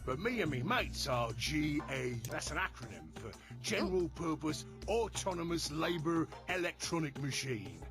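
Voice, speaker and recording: A man's voice: on the high side, lively intonation, moderate pace, few pauses, over music, close to an everyday voice. A man voicing a chatty male robot laborer with a Cockney accent, cheeky and folksy, grumbling about his lot in a video game.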